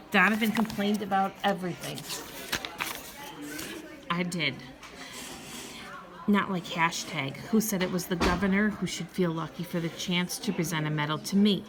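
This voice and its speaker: A woman's voice: lowish voice, a bit bright. A woman narrating a children's novel in the first person, in a wry, matter-of-fact manner. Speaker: audiobook narrator.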